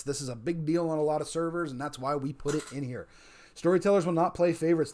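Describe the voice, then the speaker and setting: A man's voice: fairly high pitch, darkish tone. A man streaming casually, talking through the rules of his role-play server, rambling and repeating key points for emphasis. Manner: rambling, repeats points for emphasis, reads chat messages aloud. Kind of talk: casual livestream chat.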